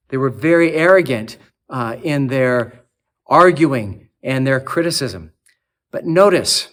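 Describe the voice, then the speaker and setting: Earnest male preacher, fairly high voice. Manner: earnest, builds lists and drops to a soft low close. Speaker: archdeacon preaching. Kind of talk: sermon. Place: cathedral.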